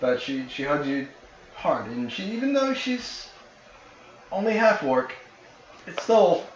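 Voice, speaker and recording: A man's voice: on the high side, big pitch swings, takes it slowly, a little hiss or hum. A man narrating a tabletop game as game master in a loose, conversational way with many fillers. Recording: roomy, slightly dull recording.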